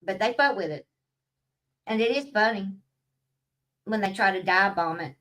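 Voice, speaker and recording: Woman vlogger, casual rant, bright and slightly high, swears freely, distant from the mic. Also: animated, normal speed. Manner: profane, blunt, rambling.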